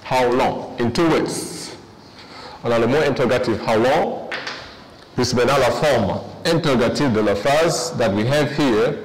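A man's voice: medium pitch, normal speed, slight background noise. Echoey man teaching. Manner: switches between English and French, many fillers. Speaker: English teacher. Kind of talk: classroom review lesson.

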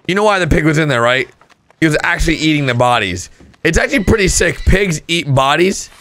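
A young man commentating on gameplay clips with excited outbursts and shouts. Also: fairly high pitch, brisk, slight background noise. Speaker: gaming commentator.

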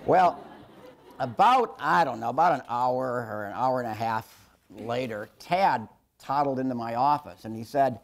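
Wry sixty-something man giving a lecture. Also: medium pitch. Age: 60s. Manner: wry, self-deprecating, halting with restarts. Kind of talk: public lecture told through stories. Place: lecture hall with an audience.

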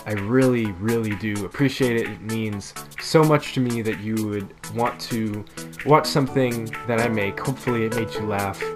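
A man commentating on his own gameplay in a casual, excitable, goofy way. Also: lowish voice, music in the background. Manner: excitable and goofy, with quick bursts of exclamations. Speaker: gaming video host.

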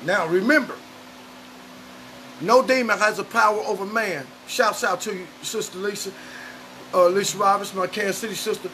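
Fiery high-voiced gravelly male preacher. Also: moderate pace, long pauses, slight background noise. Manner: loud and emotional, often shouting. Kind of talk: fiery street sermon to camera. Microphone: camera mic, speaking to camera.

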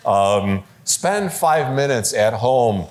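A man giving a conversational talk on preaching to a live audience, lively, with fillers and quoted voices, in a large room. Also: medium pitch, slow pace. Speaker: speaker teaching preachers.

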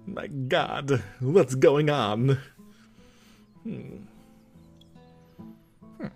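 A man's voice: medium pitch, animated, extremely slow, gravelly, a little mellow, husky, soft background music. A young man giving casual let's-play commentary, rambling, mumbling and chuckling to himself as he plays. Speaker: gameplay commentator. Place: indoor room with loud trucks outside.

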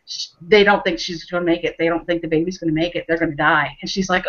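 A woman co-hosting a casual podcast chat, retelling scenes in an animated way with lots of fillers and restarts. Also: fairly low pitch, fast. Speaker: podcast co-host. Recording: dull lo-fi podcast audio.

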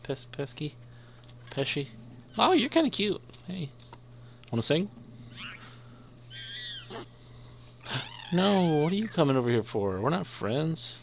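A man's voice: fairly high pitch, animated, slow pace, creaky, pauses often, slight background noise. A young man giving playful let's-play commentary, chatting to the creatures on screen as he plays. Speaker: gaming YouTuber.

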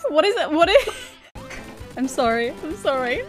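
A woman's voice: high voice, sing-song, a little slow, faint music behind. A woman streaming games live, chatting casually, giggling often and yelping when startled. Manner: giggly, rambling, easily startled.

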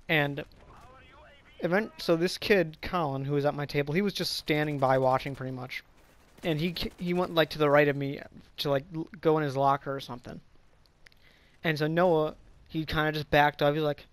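A man's voice: fairly high pitch, steady tone, moderate pace. A young man telling a casual story, rambling and profane with lots of fillers.

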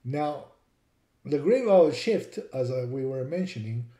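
Male teacher, mellow voice, patient step-by-step explainer, roomy echo. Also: medium pitch, expressive, unhurried. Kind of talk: explanatory lesson.

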